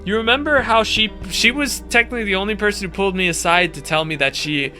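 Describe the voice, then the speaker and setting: A man playing through a visual novel game and commenting in excitable, chatty asides. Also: sits high, quick pace, faint music behind. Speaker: gaming channel host. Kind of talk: let's play commentary.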